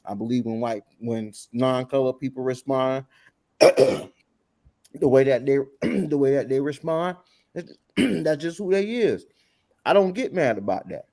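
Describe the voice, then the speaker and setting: A man's voice: mid-range voice, expressive, a little slow, darkish tone. A man on a video call, off camera and eating, firmly repeating his view in a casual panel discussion. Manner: firm, repeats his point. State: eating while talking. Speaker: panel guest.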